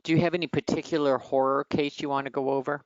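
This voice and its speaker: A Michigan woman with a nasal Midwestern American accent works as an exam prep tutor, running an online session over video call in a chatty, teasing, direct manner. Her voice sits low with fairly even intonation and a fast pace. The call audio is muffled and dry.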